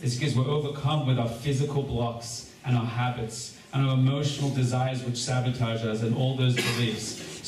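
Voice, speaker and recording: A man, a rabbi leading a seder, teaching a live gathering in a joking, energetic way and addressing the crowd directly. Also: medium pitch. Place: large echoey room with a gathering. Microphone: distant room recording. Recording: echoey room recording from far off with background noise.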